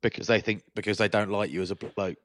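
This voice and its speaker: A man's voice: fairly low pitch, steady tone, fast talker, no echo, studio quality. A man co-hosting a podcast, joking and self-mocking in casual banter. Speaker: podcast co-host. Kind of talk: casual chat.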